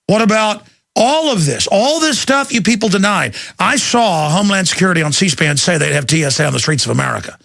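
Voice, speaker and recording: A man's voice: on the high side, gravelly, a bit bright, no echo, clean studio sound. A man hosting a talk radio show, ranting in a fired-up, sarcastic way. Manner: fired-up, sarcastic, mimics others. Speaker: radio host.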